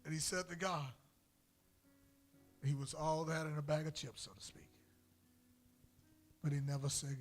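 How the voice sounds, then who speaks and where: A male pastor preaching in a church sanctuary with a husky, breathy voice that sits a little high. He takes his time, stretching words slowly, then swells loudly into drawn-out cries before dropping back low. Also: fairly even intonation, faint music behind. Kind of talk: sermon.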